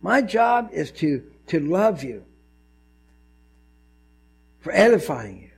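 A male pastor giving a conversational, animated sermon, often acting out voices in his stories. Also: high-pitched, slow, creaky, breathy edge.

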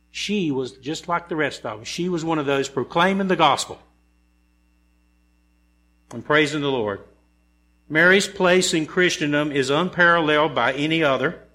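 Man, church sermon, slightly high voice, conversational then emphatic preaching, mains hum behind. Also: sharp tone. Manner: conversational preaching that builds to emphatic rhetorical questions. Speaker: pastor. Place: church sanctuary.

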